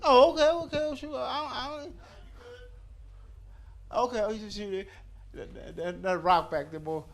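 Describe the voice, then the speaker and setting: A man's voice: sits high, fairly even intonation, normal speed, vocal fry. A man in his fifties doing a stand-up comedy set, telling loose, profane stories full of fillers and restarts. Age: 50s. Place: comedy club stage with a live audience.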